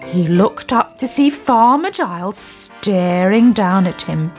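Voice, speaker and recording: A woman narrating a children's storybook in a deliberate, expressive reading. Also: medium pitch, faint music behind.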